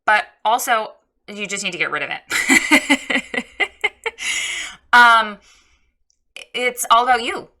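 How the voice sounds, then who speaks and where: A woman's voice: fairly high pitch, expressive, slow pace, long pauses, bright, forceful tone. A woman coaching a photographer on her website in a casual spoken critique, frank and direct.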